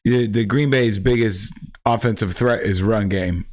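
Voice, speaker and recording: A man's voice: on the low side, a little slow, a little mellow. A man hosting a casual sports podcast, rambling through stats with frequent restarts. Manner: rambling, stat-heavy, restarts often. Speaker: podcast host.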